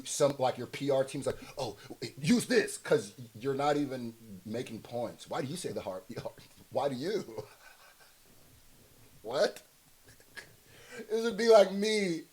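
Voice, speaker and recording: This man hosts casual reaction commentary in a slightly high, somewhat mellow voice. He talks bluntly, leaning on slang and rhetorical questions, and laughs a lot.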